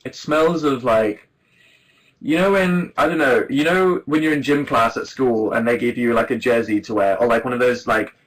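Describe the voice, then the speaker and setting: A man's voice: medium pitch, normal speed, fairly bright tone, poor audio. A man in his twenties hosting a casual livestream, rambling and self-deprecating, laughing often into a webcam mic. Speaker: livestream host. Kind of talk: casual chat to viewers.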